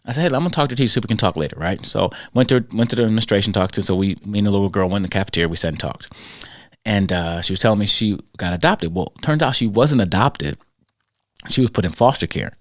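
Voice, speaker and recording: Lower-voiced man telling animated stories. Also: fast, no room sound. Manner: animated storyteller, acts out quoted voices. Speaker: podcast host and school character-education speaker. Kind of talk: conversational storytelling.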